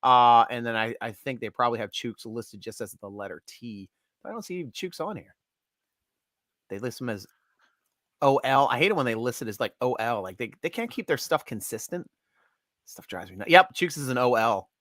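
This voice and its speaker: A man hosting a live sports chat stream, excitable, laughing often and talking in quick bursts. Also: medium pitch, no room sound, clean studio sound. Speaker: host.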